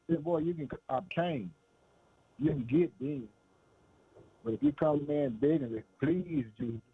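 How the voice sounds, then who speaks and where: A man with a slightly rough, somewhat high voice preaches a fervent sermon full of call-out phrasing. He calls out "boy" and "man" and laughs often between lines, and the recording has a tinny, phone-like radio sound.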